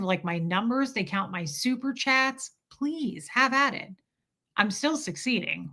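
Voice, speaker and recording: A woman's voice: medium pitch, sharp tone. A woman hosting a casual livestream, chatting candidly and reacting to viewer comments and super chats.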